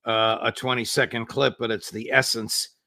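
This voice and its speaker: A man hosting an interview who gives brief, measured introductions to clips. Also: mid-range voice, flat delivery, pushed and bright, no room sound. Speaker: host.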